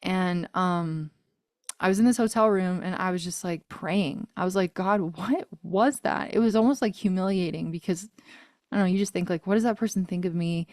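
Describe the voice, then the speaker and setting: A woman's voice: lowish voice, a little fast, darkish tone, no echo, clean studio sound. A woman in her thirties, a singer-songwriter guest, telling a personal story in a casual interview, earnest and emotional, with frequent laughs and fillers.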